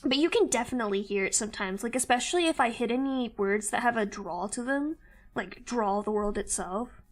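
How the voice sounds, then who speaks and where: A woman's voice: a little high, a little fast, soft background music. A young woman from Missouri with a mild Southern-Midwestern accent, chatting casually and giggling with her viewers while she draws on a live stream. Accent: mild Southern-Midwestern American mix. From Missouri, USA.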